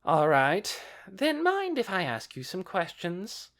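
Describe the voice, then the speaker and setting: A man's voice: sits high, wildly swooping pitch, takes it slowly, a bit bright, pitched above the performer's own voice, exaggerated voice. A man voicing a sly, falsely polite schemer. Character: sly male store owner, smooth and scheming.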